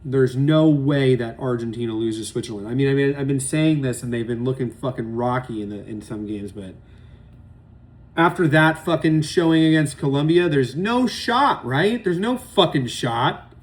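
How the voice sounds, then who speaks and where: A man's voice: medium pitch, moderate pace, darkish tone. A young man giving loose, opinionated solo commentary on football matches, rambling and swearing often. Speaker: sports podcast host. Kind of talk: casual solo sports commentary.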